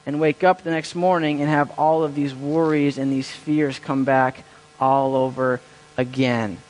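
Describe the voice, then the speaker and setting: A man's voice: medium pitch, level tone, unhurried, darkish tone. A young man preaching a sermon, telling a story and acting out the inner voices of its people, often repeating his words. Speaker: pastor. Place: church. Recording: church hall with long reverb.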